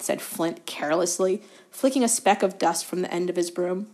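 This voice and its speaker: Brief: woman guest reader, calm steady book narration, occasional stumbles corrected. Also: on the low side, normal speed. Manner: steady storytelling, fillers of self-correction. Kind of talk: reading a novel aloud.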